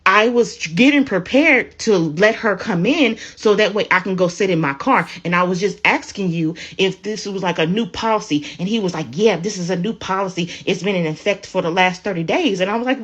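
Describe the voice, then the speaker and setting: A woman's voice: mid-range voice, brisk, hardly any pauses, slightly rough. A woman casually telling a personal story, acting out the lines she and others said. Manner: animated retelling, acts out quotes. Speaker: hotel resident telling her story. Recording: dull lo-fi audio.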